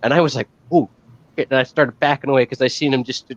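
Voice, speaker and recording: A man's voice: medium pitch, fairly even intonation, rapid-fire, no room sound, highs cut off. A man telling loose, laughing anecdotes as a guest on a casual stream. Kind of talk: casual profane chat.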